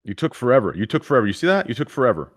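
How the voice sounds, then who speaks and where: A man's voice: medium pitch, rapid-fire, no echo, clean studio sound. A man streaming and bantering heatedly on a voice call, swearing and sighing in exasperation. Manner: animated, swearing, exasperated sighs.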